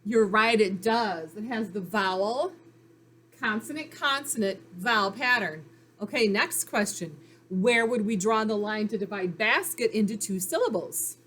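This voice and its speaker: A woman's voice: mid-range voice, lively intonation, a little slow, fairly bright tone, a little hiss or hum. A woman teaching a phonics lesson to young children, sounding out letters and syllables in a patient, encouraging way. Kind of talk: recorded reading lesson for children.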